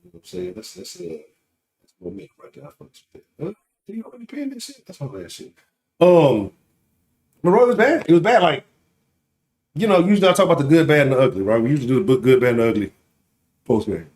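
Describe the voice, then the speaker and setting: A man in his late thirties hosts a loose sports talk livestream and talks straight to his viewers. His pitch swings up and down as he riffs. He curses his way through the trash talk and tags his points with a quick "right?". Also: sing-song, gravelly, darkish tone. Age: late 30s. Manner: profane trash talk, keeps asking "right?". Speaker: sports talk show host.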